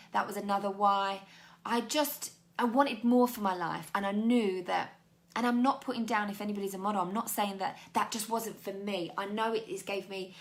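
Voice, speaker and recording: A woman's voice: mid-range voice, gravelly, a bit bright. A young British woman, a life coach, talking candidly and chattily to her viewers in a motivational video. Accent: British English. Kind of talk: motivational talk to camera.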